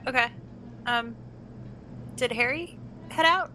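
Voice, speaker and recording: A woman's voice: fairly high pitch, slow pace, pushed and bright, a little hiss or hum, poor audio. A woman playing a tabletop game, speaking tentatively with many fillers. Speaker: player. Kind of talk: casual tabletop role-play.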